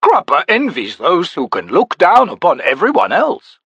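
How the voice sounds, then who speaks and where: A man's voice: a little high, huge pitch swings, moderate pace, fairly bright tone, slightly rough, dry recording, highs cut off, voice pushed up, heavily acted. A male narrator voicing a short, round, fawning male spy who speaks breathlessly in an audiobook. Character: fussy round male spy, eager and gushing. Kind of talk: audiobook character voice.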